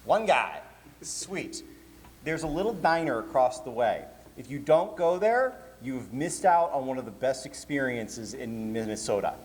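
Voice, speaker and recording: A convention's programming director with a medium-pitched, unhurried voice gives a joking, chatty panel talk to a live audience, lively and full of laughs. Hall reverb and faint room noise are audible.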